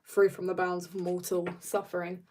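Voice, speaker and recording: A teenage girl from South Africa, a little husky from being ill, rambling playfully as she greets viewers and chats while drawing on a live stream. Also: lowish voice, monotone, normal speed, a little mellow, slight background noise. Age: teens. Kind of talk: casual live-stream chat.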